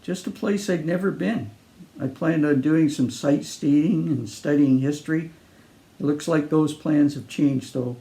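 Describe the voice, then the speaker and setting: A man doing a polite but gloomy traveller who has just lost everything, speaking low-key and a little deflated. His voice is gravelly and warm. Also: a little slow. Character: downhearted man, lost and out of luck.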